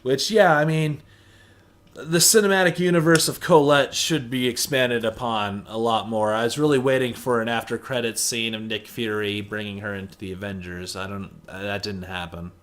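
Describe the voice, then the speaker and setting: A man's voice: mid-range voice, steady tone, moderate pace, a bit bright, a little hiss or hum. A man giving a casual movie review, chatty and sarcastic, often saying "you know". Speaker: film reviewer.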